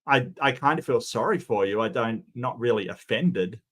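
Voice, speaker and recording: A man's voice: medium pitch, expressive, normal speed, fairly bright tone. A man giving sarcastic, mocking reaction commentary, often stumbling and restarting his sentences.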